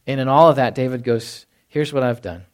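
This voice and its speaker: A man's voice: medium pitch, brisk. A man preaching a sermon to a congregation in a conversational way, often acting out quotes and asking "right?". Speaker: pastor. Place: church hall before a congregation.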